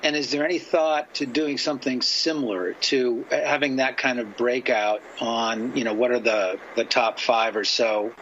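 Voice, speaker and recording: A man's voice: mid-range voice, normal speed, few pauses, a bit bright. Male reporter on a remote line; persistent, probing, muffled sound with light noise. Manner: pressing, detailed questions.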